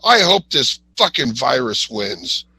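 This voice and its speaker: Ranting, foul-mouthed husky man. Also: mid-range voice, very animated, takes it slowly, pushed and bright, no room sound, low-quality recording. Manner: blunt, swears constantly, ranting. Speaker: podcast co-host. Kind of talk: profane casual chat.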